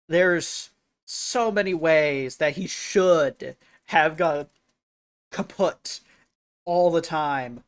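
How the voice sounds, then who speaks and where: A male streamer gives excitable reaction commentary full of exclamations and swearing. He talks at an unhurried, drawn-out pace with a slightly raised pitch. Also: smooth. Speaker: streamer host.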